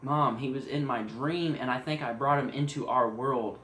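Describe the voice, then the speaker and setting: A man quoting a frightened teenage daughter in a lower, hushed voice during a horror story. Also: moderate pace, reverberant, slight background noise, close to an everyday voice. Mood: grim.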